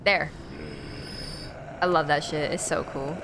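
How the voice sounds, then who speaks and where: A woman streaming a video game, chatting casually, excitable and laughing, swearing freely. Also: low voice, slow pace, noisy background. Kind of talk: casual gameplay commentary.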